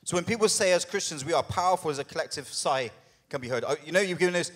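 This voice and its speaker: A man preaching from the pulpit, his voice sitting a little high for a man. He talks in a chatty, animated way, keeps asking the congregation for agreement, and acts out small scenes as he goes. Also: quick pace. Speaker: lead pastor. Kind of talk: sermon.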